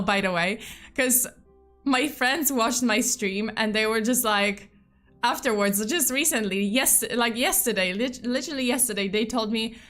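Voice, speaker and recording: Higher-voiced woman streamer, chatty true-crime host, laughs at herself easily. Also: normal speed, a bit bright. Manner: chatty, laughing, self-mocking, swears casually. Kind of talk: casual true-crime livestream storytelling. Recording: faint music behind.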